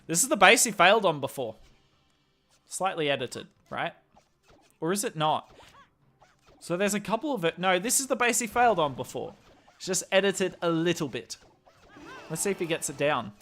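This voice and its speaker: Australian guy, young, high bright voice, excitable live game caster chatting to viewers. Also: moderate pace, pauses often. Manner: excitable play-by-play, chatty asides to chat. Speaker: live-stream game commentator.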